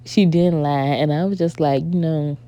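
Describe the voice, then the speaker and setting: A young woman vlogger telling a story in a casual chat, animated and exasperated, often calling her viewers "y'all". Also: deep voice, moderate pace, lo-fi sound.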